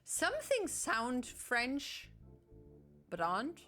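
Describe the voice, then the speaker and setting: German-accented woman, game streamer, slow, chatty self-corrections. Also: high voice, sing-song, pushed and bright, faint music behind. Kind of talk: casual game commentary.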